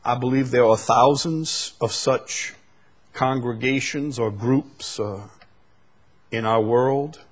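A middle-aged male preacher giving a sermon, shifting from quiet musing to loud, emphatic outbursts. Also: mid-range voice, slow.

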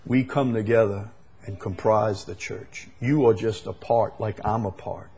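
A male preacher delivering a sermon slowly and emphatically, with sudden loud, high bursts and soft drops. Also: steady tone, husky.

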